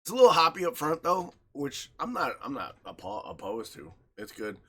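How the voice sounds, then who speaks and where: A man's voice: medium pitch, normal speed, husky. A man co-hosting a casual podcast, swearing freely, laughing a lot and acting out stories. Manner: profane, laughs often, animated storytelling. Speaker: podcast co-host. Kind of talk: casual chat.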